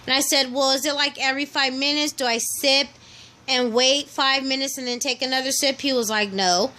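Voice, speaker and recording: A young woman vlogging casually to camera, telling stories in a chatty, animated way and acting out what other people said. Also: sits high, fairly quick. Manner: chatty, animated storytelling, acts out quoted people.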